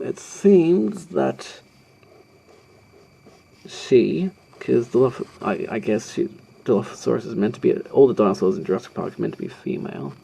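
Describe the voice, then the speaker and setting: Man, drawing tutorial narration, husky, mellow dark tone, hesitant, self-deprecating. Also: medium pitch. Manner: hesitant, rambling, self-deprecating, many ums. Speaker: art tutorial host.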